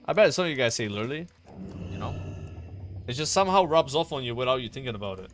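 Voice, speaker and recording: A man's voice: medium pitch, animated, fast, long pauses, soft background music. A young man chatting casually on a stream, rambling, swearing and filling with "like" and "you know.".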